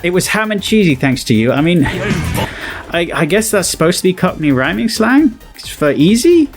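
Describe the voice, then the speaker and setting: Rambling British man chatting. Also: medium pitch. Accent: British English. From Britain. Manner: rambling, chuckling, self-correcting. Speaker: YouTuber. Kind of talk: casual reaction commentary.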